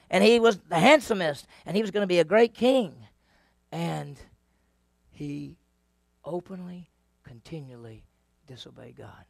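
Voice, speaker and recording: A man's voice: high voice, vocal fry, dry recording. A man teaching a Bible lesson to a class, telling the stories with energy, quizzing his listeners and acting out the voices. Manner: animated storyteller, asks the class questions, acts out voices.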